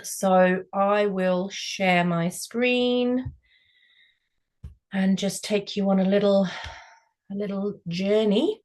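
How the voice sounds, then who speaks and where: Woman, meeting host, mid pitch, upbeat, brisk, video call. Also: darkish tone. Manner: upbeat, brisk, explains step by step. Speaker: project founder and meeting host. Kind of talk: online meeting walkthrough.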